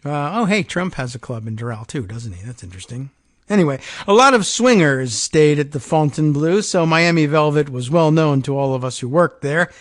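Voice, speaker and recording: A man's voice: a little high, animated, a little fast, no room sound. A man hosting a talk show, reading a first-person story aloud and breaking off for dry, muttered sarcastic asides. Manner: reads a first-person account, dropping to quiet sarcastic asides. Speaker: podcast host.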